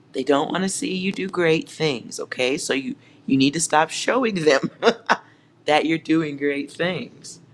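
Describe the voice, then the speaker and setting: A tarot reader giving a collective reading at home, speaking straight to viewers in a teasing, sarcastic way and laughing often. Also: medium pitch.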